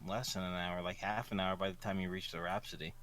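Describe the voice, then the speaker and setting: A man running a tabletop game as game master, relaxed and full of fillers. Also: deep voice, fast, slight background noise.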